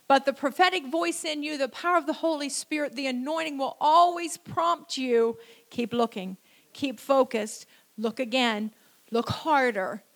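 A middle-aged woman with a high voice preaches a sermon. She tells it like a chat with the congregation, dropping in "you know" often. She slows down and repeats key phrases to drive them home. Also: creaky, a bit bright. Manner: conversational storytelling with frequent "you know".

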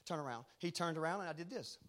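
A middle-aged man delivers a sermon in a high-pitched voice. His tone is bright and ringing. He rambles through hushed stories and builds to shouted exhortation. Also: lively intonation, fast talker. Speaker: preacher.

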